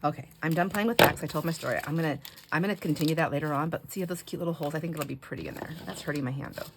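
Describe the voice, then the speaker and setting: Low-voiced chatty woman crafter. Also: racing, heavy background noise. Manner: chatty storyteller, laughs often, breaks off mid-sentence. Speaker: craft channel host. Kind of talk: casual chat while crafting.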